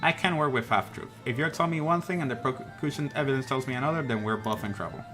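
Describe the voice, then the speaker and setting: A man's voice: medium pitch, quick pace, natural voice. A stern male bird attorney who lays down the law in a firm, commanding tone, as a man reads him aloud. His voice sits in a middle range, with game music underneath.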